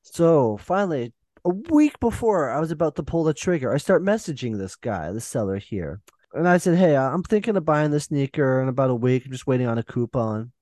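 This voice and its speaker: A man's voice: mid-range voice, big pitch swings, a little mellow, no echo, clean studio sound. A man co-hosting a casual podcast, telling a long story with playful mock bragging. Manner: mock-boastful, drawn-out storytelling. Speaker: podcast co-host.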